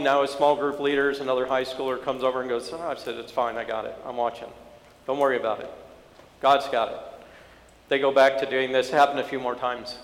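A man telling a story in a sermon, moving from low-key storytelling to impassioned preaching. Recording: echoey hall.

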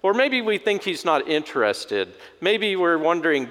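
A man's voice: fairly high pitch, big pitch swings, moderate pace, fairly bright tone. A man preaching a conversational sermon as a pastor, folksy and humorous, acting out voices in his story. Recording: long hall reverb.

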